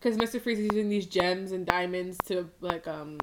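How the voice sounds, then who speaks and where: A woman's voice: on the low side, moderate pace. Chatty woman podcaster, noisy recording. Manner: laughing, retelling scenes with quoted lines. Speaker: podcast co-host. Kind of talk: casual movie chat.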